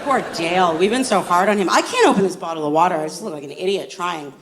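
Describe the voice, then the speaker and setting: A woman's voice: mid-range voice, big pitch swings, fast talker, few pauses, some chatter behind, a little hiss or hum, low-quality recording. A woman doing a stand-up comedy set, brash and profane in a chatty way. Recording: live audience laughter.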